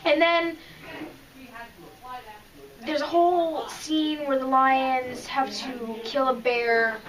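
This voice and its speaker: A woman with a high, bright voice chats eagerly about her reading, getting emotional and tripping over her sentences. She sits some distance from the microphone, so she sounds slightly far off. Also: fairly even intonation, slow pace. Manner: chatty and emotional, with frequent restarts. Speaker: podcast co-host. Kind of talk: casual chat reviewing comics.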